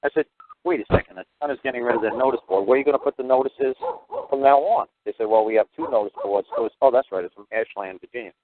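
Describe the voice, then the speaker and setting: A man rattles off his advice at a fast clip, blunt and profane, acting out both sides of his stories. His voice comes through a thin, tinny phone-line sound. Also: medium pitch, a crowd in the background. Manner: blunt, profane, animated storyteller. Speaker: radio show host. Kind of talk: call-in radio talk, storytelling.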